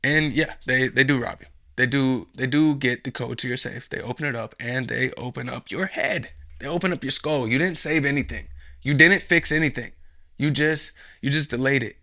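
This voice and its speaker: A man's voice: medium pitch, normal speed, sharp tone. A man hosting a podcast, delivering a profane, sarcastic, rambling comedic monologue. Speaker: podcast host.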